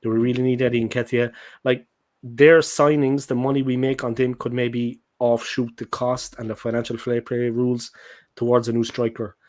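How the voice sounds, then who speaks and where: A man's voice: mid-range voice, little pitch movement, normal speed, a little mellow. Joking, rambling Irish man. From Ireland. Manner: jokey, rambling, chatty. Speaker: guest. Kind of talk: casual football podcast chat.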